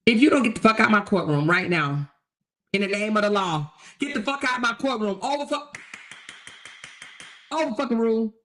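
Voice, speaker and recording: A woman's voice: a little high, expressive, normal speed, pauses often, fairly bright tone. A woman host voicing a brusque, furious judge who scolds a litigant with profanity, in satirical commentary. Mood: scolding. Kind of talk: satirical commentary role-play.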